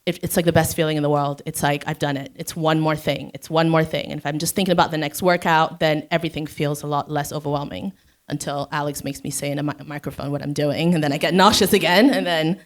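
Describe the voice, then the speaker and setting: A woman's voice: deep voice, steady tone, fast. A woman speaking as a guest on a live panel, chatty and self-mocking, laughing often.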